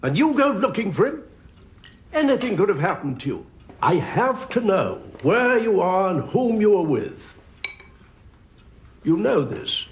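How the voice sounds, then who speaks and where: An actor playing a stern, protective elderly gentleman in a period drama, reproving and anxious. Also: high-pitched, big pitch swings, a little slow, long pauses, slight background noise. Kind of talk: period television drama acting.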